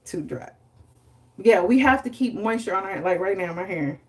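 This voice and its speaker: A young adult woman hosts a casual live stream about hair care. She talks in a chatty, animated way at an average pitch. Her manner is loose and conversational. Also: moderate pace. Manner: chatty, animated, dramatizes stories with laughter.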